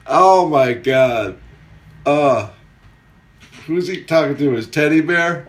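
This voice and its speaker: A man's voice: fairly high pitch, lively intonation, drawn-out words, pauses often, a bit bright. A man hosting a solo comedy podcast, rambling through a chart countdown with jokey asides and answering his own questions. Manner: rambling, jokey, talks back to himself. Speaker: podcast host.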